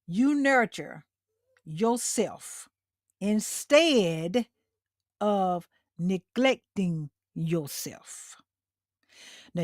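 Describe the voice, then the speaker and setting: A woman's voice: on the high side, dry recording, studio quality. A middle-aged woman hosting a motivational livestream talk, speaking directly to her listeners and repeating her key lines for emphasis. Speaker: host.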